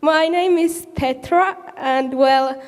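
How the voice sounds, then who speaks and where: A woman's voice: sits high, slow, a little hiss or hum. A woman, an audience member at a convention panel, rambling nervously and losing her thread. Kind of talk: casual chat at a panel. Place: convention hall. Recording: hall reverb.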